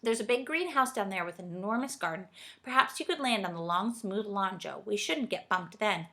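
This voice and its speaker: A woman's voice: mid-range voice, expressive, brisk, pushed and bright. A woman voicing a fretful, cautious magical man in a storybook reading. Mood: reasoning. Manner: worried, cautious.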